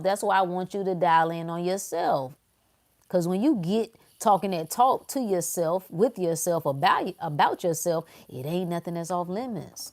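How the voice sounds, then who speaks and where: A woman's voice: lowish voice, darkish tone. Emphatic woman preaching on a livestream. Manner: emphatic and preachy, repeating phrases. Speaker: motivational livestream host. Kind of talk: casual motivational talk to a live audience.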